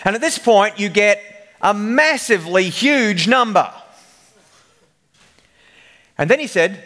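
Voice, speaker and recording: A man's voice: high voice, animated, slow, pauses often, bright, forceful tone. A man giving a humorous technical conference presentation, telling the story like a joking storyteller. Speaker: conference speaker.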